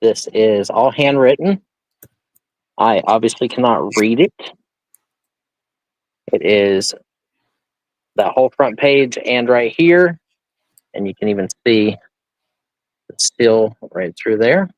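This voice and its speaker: A man's voice: lowish voice, lively intonation, takes it slowly, long pauses, no echo, low-quality recording. A man hosting a live online auction, chatting casually and thinking aloud about the items he shows. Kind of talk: casual live-stream selling.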